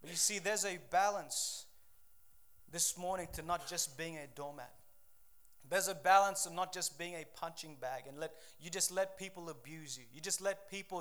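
A man preaches a sermon. He talks to his congregation in a casual way, jumps into quick asides and acts out quotes. His delivery is animated and direct. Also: high voice. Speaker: pastor.

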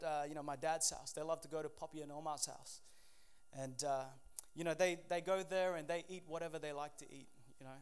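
A man preaching a sermon, energetic and conversational, with call-and-response asides to the congregation. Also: high voice, clean tone. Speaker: pastor.

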